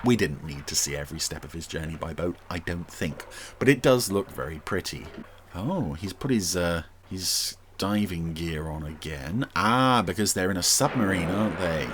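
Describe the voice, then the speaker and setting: A man's voice: low-pitched, lively intonation, normal speed, fairly bright tone, a little hiss or hum. A man hosting a podcast, giving chatty, wry watch-along commentary on an episode, with fond asides. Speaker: podcast host.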